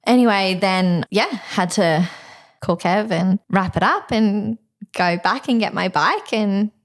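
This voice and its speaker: A woman's voice: medium pitch, takes it slowly. A woman, co-hosting a podcast and telling a story in casual chat, laughing often. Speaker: podcast co-host.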